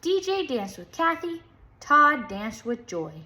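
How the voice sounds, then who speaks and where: A woman reading a children's book aloud in a lively, playful way, chanting the rhythm sounds. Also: high voice, slow pace. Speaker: storybook reader.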